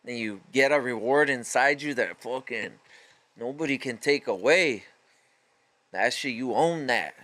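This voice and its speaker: A man's voice: medium pitch, sharp tone. A man hosting a solo podcast, delivering a profane, fired-up motivational rant in casual street slang. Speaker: podcast host.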